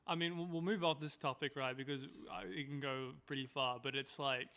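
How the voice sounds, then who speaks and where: A man's voice: medium pitch, steady tone, a little fast, pushed and bright. A man as a podcast guest, chatting casually with rambling asides.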